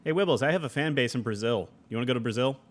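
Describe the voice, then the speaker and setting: A young man talking casually through a live game stream, greeting viewers and laughing easily. His pitch swings up and down a lot as he chats, in a mid-range voice. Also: animated, rapid-fire. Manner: chatty, reads chat aloud, laughs often.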